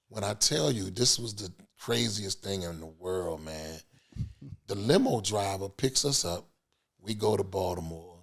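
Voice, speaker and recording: A middle-aged man, a music business veteran, telling stories as a podcast guest in a lively, laughing, casual way. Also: low voice, creaky. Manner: lively, laughing storyteller with many fillers. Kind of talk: animated storytelling in casual chat.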